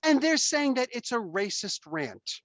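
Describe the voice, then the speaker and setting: A man hosting a casual podcast chat, telling stories in an animated, emphatic way and swearing freely. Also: extremely high pitch, measured pace, no room sound. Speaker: podcast host.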